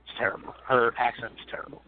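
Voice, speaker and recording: A man's voice: mid-range voice, little pitch movement, fast. A man co-hosting a casual chat, blunt and crude as he rants about what he dislikes. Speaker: co-host. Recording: tinny phone-like audio with faint hiss.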